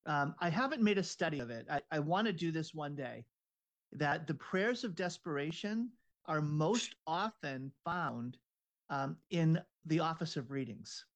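A man's voice: on the high side, lively intonation, a little slow. A man co-hosting a casual conversation, talking in an earnest, searching way and often restarting his sentences.

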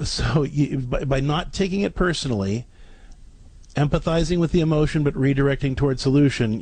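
A man's voice: mid-range voice, darkish tone, no echo. A man hosting an advice show, coaching a caller, often repeating phrases and acting out lines she could say. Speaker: radio advice host.

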